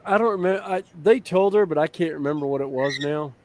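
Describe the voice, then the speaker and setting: A man's voice: a little high, quick pace, noisy background. A man chatting casually as a live stream host, telling rambling stories full of fillers and restarts. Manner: rambling, filler-heavy storytelling. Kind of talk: casual chat.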